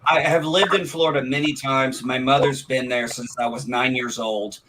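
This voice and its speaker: A man's voice: medium pitch, steady tone, moderate pace, noisy background. A man from Illinois with a Midwestern accent tinged with Southern, chatting on a video call in a rambling way. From Illinois, near St. Louis. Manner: rambling, restarts often. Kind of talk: casual chat.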